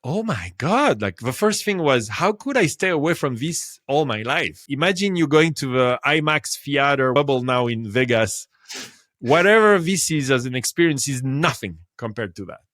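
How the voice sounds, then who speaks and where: A man in his fifties with a French accent, telling a personal story as a podcast guest, animated and laughing often. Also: medium pitch, moderate pace, no echo, studio quality. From France. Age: 50s. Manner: animated, laughs often, swings between loud and quiet. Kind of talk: casual storytelling.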